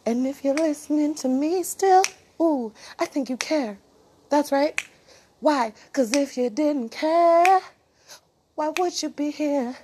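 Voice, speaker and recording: A woman with a very high voice improvises a half-sung monologue in a slow, drawn-out rhythm. She keeps answering herself with "what?" and "yeah". Her delivery swings from soft murmurs to loud sung bursts, with a faint hiss behind her.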